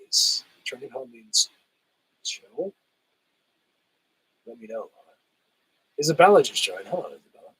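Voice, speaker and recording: A man hosting a casual livestream, reading chat and answering viewers, his voice still rough as he recovers from a cold. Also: mid-range voice, sing-song, unhurried, pauses often, a bit bright, rough recording. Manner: laid-back, chatty, laughs often, says "hell yeah".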